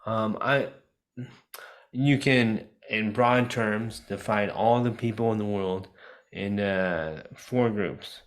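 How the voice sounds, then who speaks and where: A man's voice: fairly low pitch, takes it slowly. A man teaching a class on a video call, talking loosely with lots of fillers and restarts. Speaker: disability advocate teaching a class. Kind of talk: casual online lecture.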